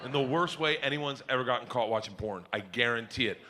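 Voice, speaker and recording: Stand-up comic, male, loud storyteller with a bright, forceful voice on a handheld mic. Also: medium pitch, a little fast, slight background noise. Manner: loud, animated storytelling that jumps into shouted voices. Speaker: stand-up comedian. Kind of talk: stand-up comedy set. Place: comedy club stage before an audience.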